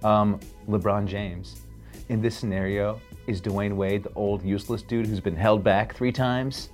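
A man's voice: fairly low pitch, steady tone, measured pace, faint music behind. A man co-hosting a podcast, riffing and joking in casual banter. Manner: joking, riffing on sports news. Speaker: podcast co-host.

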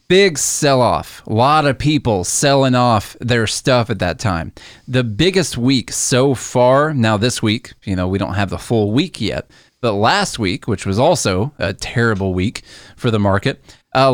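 A man's voice: medium pitch, no echo, clean studio sound. A man co-hosting a casual podcast chat, patiently explaining how the stock market works with everyday comparisons.

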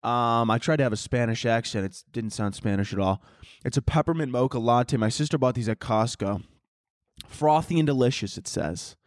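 A man's voice: mid-range voice, brisk. A man hosts a comedy podcast from a room in his home, rambling from one crude joke to the next. He keeps breaking off his own sentences and starting over. His voice sounds dry and close, with no room echo. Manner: rambling, self-interrupting, crude jokes. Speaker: podcast host. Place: home, downstairs by a Christmas tree.

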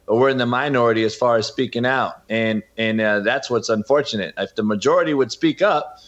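A man's voice: medium pitch, brisk. Emphatic man on dull lo-fi audio. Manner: emphatic, repeatedly addresses the host by name. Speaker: football coach and podcast host, guest. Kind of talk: impassioned interview talk.

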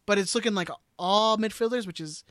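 A hesitant co-host reads through player rumors on a casual soccer podcast, pausing often and leaning on fillers. The voice sits at a middle pitch and sounds dry and close, with no room around it. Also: fairly bright tone, dry recording.

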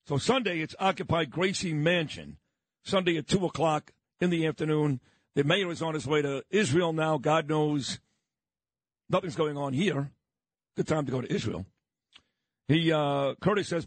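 A man's voice: a little high, animated, normal speed, no echo. A male talk radio host in a studio, blunt and fired up as he rails through his monologue and talks with a guest. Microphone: studio microphone.

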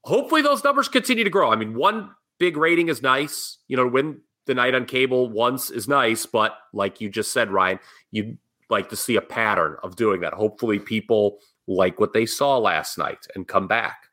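A middle-aged man co-hosting a casual podcast, his pitch swooping widely as he makes his points. His voice has a bright, forward edge, and he drops in jokey asides between opinions. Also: lively intonation, moderate pace. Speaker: podcast co-host. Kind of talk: casual wrestling talk.

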